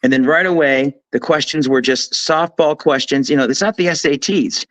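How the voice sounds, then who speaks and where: A man talking as a guest commentator on a political talk show, emphatic and animated, telling things as a story with frequent restarts. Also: a little high, moderate pace, no room sound, poor audio.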